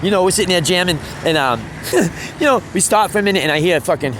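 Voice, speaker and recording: A man's voice: high-pitched, animated, fast talker, background noise. A man, a street musician, telling a rambling story in casual chat, swearing and laughing often.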